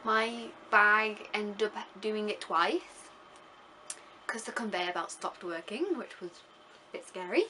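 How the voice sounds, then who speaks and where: A woman's voice: medium pitch, takes it slowly, pushed and bright, a little hiss or hum. A young woman from England, talking casually over her travel vlog in a chatty, rambling way full of fillers. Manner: chatty and rambling, with many fillers and gushing words. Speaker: vlogger.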